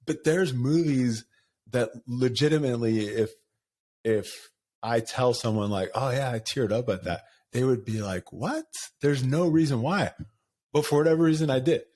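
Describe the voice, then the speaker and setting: A man's voice: mid-range voice, normal speed, a little mellow. Candid middle-aged man, laughing as he rambles. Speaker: podcast host. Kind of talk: casual conversation.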